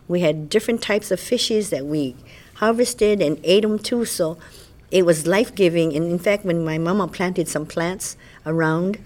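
Older woman from hawaii, fond lively storyteller, slightly low voice. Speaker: interviewee. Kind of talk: oral history interview.

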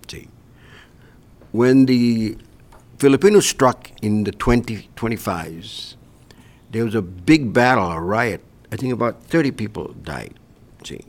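An older man from Hawaii, reminiscing in an oral history interview and tagging his points with "see". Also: mid-range voice. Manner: reflective storytelling, tags sentences with "see".

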